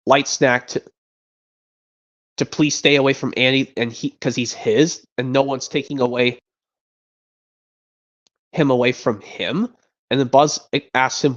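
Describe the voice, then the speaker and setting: A man's voice: medium pitch, steady tone, slow, long pauses. A man casually explaining movie scenes on a stream, rambling and restarting his sentences. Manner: rambling, stop-start retelling. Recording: dull lo-fi stream audio.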